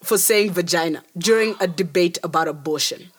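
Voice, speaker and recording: A woman's voice: fairly low pitch, fairly quick, slightly rough. A woman co-hosting a podcast, telling stories in casual chat and laughing often. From Africa. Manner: chatty, storytelling, laughs often. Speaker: podcast co-host.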